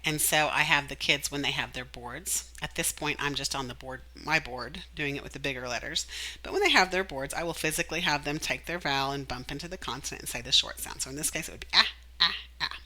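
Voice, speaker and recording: A woman teacher explaining a reading method, animated, singing the letters and acting out the sounds. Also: low voice, a little fast, rough recording. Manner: animated, demonstrates sounds and sings.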